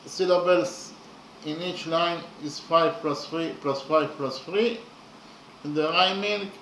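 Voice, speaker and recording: High-voiced guy, explaining verse meter slow and halting, roomy echo, mic a bit far off. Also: slight background noise. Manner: halting, repeats words with many fillers. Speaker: lecturer.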